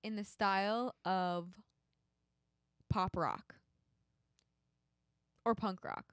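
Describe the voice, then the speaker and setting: A young woman chatting playfully on a live stream, bubbly and giggly, quick to cheer her co-host on. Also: medium pitch, steady tone, smooth, no room sound, clean studio sound. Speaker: streamer and musician. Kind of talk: casual live-stream chat. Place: home streaming setup.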